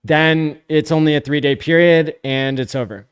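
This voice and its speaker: A man hosting a live stream, reading viewer comments out loud in a blunt, sarcastic, casual way. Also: a little high, normal speed, clear, resonant tone. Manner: blunt, sarcastic, profane, often laughing.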